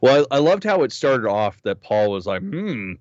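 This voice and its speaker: A man's voice: mid-range voice, big pitch swings, moderate pace, darkish tone, dry recording. A man co-hosting a casual, profane chat, blunt and joking. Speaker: podcast co-host. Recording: dull dry lo-fi sound.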